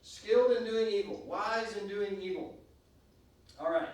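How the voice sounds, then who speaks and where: A man's voice: high voice, unhurried. A man teaching a church Bible class, emphatic and stopping often to restart or to ask the class questions. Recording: echoey room, recorded from a distance.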